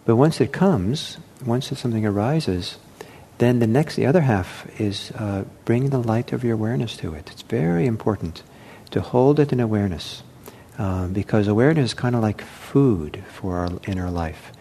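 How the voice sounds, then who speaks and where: A man teaching meditation in a gentle, unhurried way, with many pauses, fillers and restarts. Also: fairly low pitch, lively intonation, slight background noise. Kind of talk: dharma talk.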